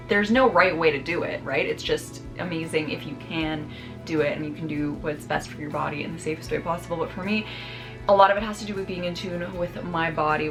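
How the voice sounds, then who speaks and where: A young woman vlogging in a casual, reflective way, with many fillers like "like" and "um". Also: on the low side. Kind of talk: casual vlog chat. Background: background music.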